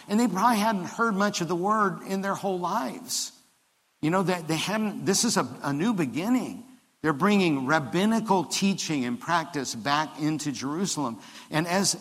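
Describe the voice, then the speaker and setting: A man, the pastor, preaching a conversational sermon that builds to emphatic high points, with frequent restarts. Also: a bit bright. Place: church sanctuary. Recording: long hall reverb of a church.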